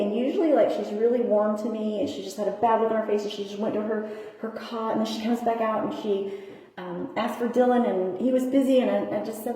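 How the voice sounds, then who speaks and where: A woman's voice: medium pitch, steady tone, moderate pace, mellow. A woman shelter worker giving an earnest, near-tearful personal testimony that turns into preaching. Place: bathroom of a homeless shelter. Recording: echoey tiled bathroom.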